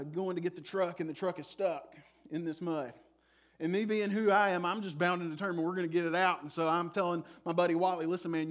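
Animated storytelling pastor, man. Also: fairly high pitch. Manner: animated storyteller, rising loud when excited, dropping soft when reflective. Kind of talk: sermon with personal story.

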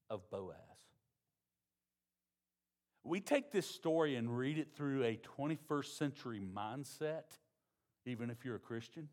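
A pastor, preaching a sermon in a conversational, folksy way. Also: male voice, fairly low pitch, a little mellow.

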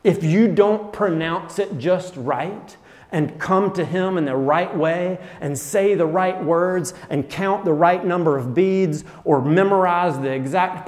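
A man preaching a sermon as pastor, earnest, dropping to soft tones and then rising to emphatic points. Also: high voice, measured pace, long reverb tail.

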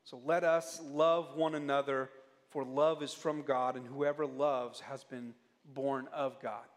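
Slow earnest male preacher in a reverberant hall. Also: flat delivery. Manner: earnest, drops to soft low tones when pleading. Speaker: pastor. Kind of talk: sermon. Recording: long reverb of a church hall.

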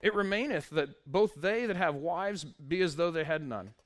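A man's voice: on the high side, expressive, normal speed. A male pastor preaching a sermon, reading scripture aloud with wry, conversational asides to the congregation.

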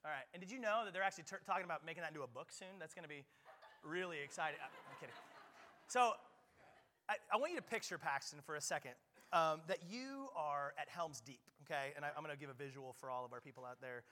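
A male pastor preaching a lively sermon at a church service, playful and joking with frequent quick restarts. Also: a little high. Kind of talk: lively sermon with audience play.

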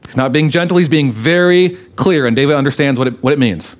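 A man's voice: mid-range voice, fast talker. A man, a pastor, preaching a sermon and reading scripture aloud expressively, acting out the quoted lines.

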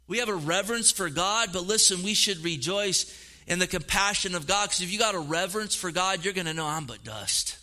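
A middle-aged pastor preaches a little fast in a high-pitched voice, bringing animation to his sermon. He acts out the voices he quotes and repeats words throughout.

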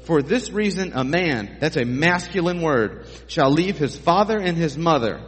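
A man's voice: on the high side, lively intonation, moderate pace, big-room sound. A man preaching a sermon in a conversational way, with jokey asides to the congregation. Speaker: pastor.

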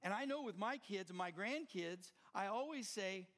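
High-voiced older male pastor preaching. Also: lively intonation, moderate pace. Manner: impassioned preaching, swelling louder at climaxes. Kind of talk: sermon.

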